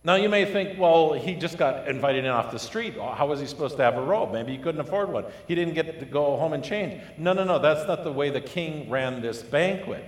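Animated male preacher in echoey hall. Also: fairly high pitch, moderate pace, few pauses. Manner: animated storytelling, acting out voices. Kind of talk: sermon. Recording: echoey hall with long reverb.

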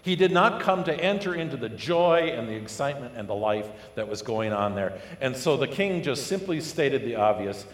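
A man preaching a sermon, telling a parable with lively storytelling and acted-out voices. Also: mid-range voice, moderate pace, hardly any pauses. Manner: animated storytelling, acting out voices. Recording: echoey hall with long reverb.

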